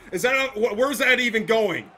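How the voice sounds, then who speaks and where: A young man giving casual, excitable gameplay commentary, cursing and trash-talking the opponents. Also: very high-pitched, measured pace, a little hiss or hum. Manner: excitable, profane trash talk. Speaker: gameplay streamer.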